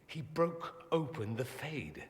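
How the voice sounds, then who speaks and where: A man's voice: medium pitch, very animated, slow pace. An actor playing a witty, flamboyant male mage companion in a video game, with wry, theatrical banter. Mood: musing. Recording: game audio with long reverb.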